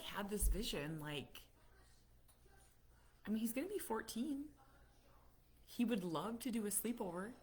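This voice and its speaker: A middle-aged American woman telling stories in a casual live chat, animated and acting out what people said. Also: medium pitch. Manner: storytelling, animated, acts out quotes. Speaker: vlogger, autism parent.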